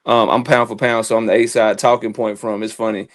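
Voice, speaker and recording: A man's voice: lowish voice, little pitch movement, a little fast. A man calling into a boxing live stream on his phone, ranting heatedly and stammering over repeated words. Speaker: co-host calling in. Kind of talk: casual live-stream chat.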